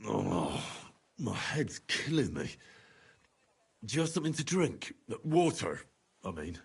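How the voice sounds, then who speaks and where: A groggy young man nursing a hangover. His voice is gravelly and husky, with a pitch that wanders up and down, and he sighs through reluctant, mumbled replies. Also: wildly swooping pitch, slow pace, heavily acted. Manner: weary, sighing, mumbled. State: hungover.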